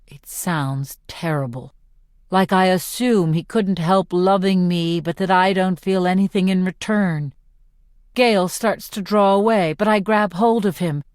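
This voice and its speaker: A woman narrating a novel in the first person as an audiobook, reading slowly, clearly and with measured phrasing. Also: mid-range voice, a little mellow, no echo, clean studio sound.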